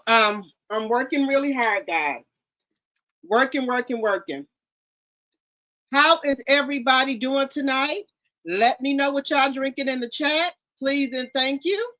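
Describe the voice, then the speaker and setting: High, bright-voiced woman hosting a livestream. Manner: greets viewers in the chat by name, excitable, exclaims loudly. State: eating while talking. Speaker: livestream host. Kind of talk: casual livestream chat. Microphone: streaming from home.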